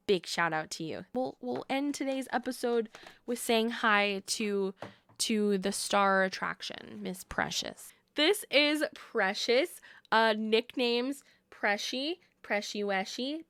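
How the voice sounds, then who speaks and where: A woman's voice: mid-range voice, fairly bright tone, smooth, dry recording, clean studio sound. A woman in her twenties hosting a casual podcast, gushing and sentimental as she chats. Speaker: podcast host. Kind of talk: casual chat.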